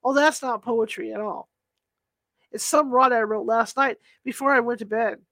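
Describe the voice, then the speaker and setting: A woman's voice: a little high, steady tone, normal speed, fairly bright tone, no room sound. A woman voicing an eager, touchy young male clerk who writes poems, in an audiobook reading, chatty and eager.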